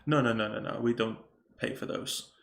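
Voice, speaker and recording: A man's voice: medium pitch, steady tone, normal speed, vocal fry, fairly bright tone. A man narrating and running a tabletop role-playing game, answering players in a dry, matter-of-fact way. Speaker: game master.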